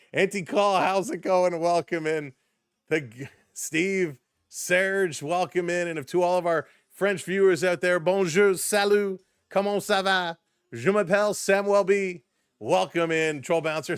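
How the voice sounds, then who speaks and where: A man hosting a live hockey watch stream, calling the action and greeting chat viewers by name with excited energy. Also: on the high side, clear, resonant tone, no echo, studio quality. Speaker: live stream host and play-by-play commentator.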